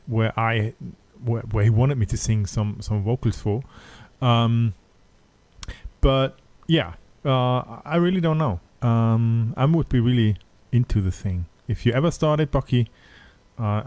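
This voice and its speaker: German-accented man hosting a podcast; casual, halting delivery, dry close mic. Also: medium pitch, a little mellow, dry recording. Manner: hesitant, many fillers and restarts. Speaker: podcast host. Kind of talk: casual chat.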